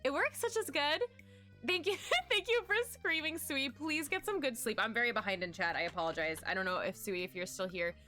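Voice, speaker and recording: A woman's voice: a little high, a little fast, sharp tone, faint music behind. A woman streamer chatting casually with her viewers, bubbly and giggly as she reads out chat. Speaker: livestreaming artist.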